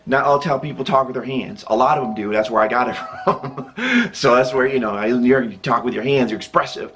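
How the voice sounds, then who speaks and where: A man's voice: mid-range voice, lively intonation, a little fast, a bit bright. Rambling, laughing Midwestern man telling a story. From American Midwest. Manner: rambling and self-interrupting, breaks into laughter. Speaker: YouTube storyteller. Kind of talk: casual storytime narration.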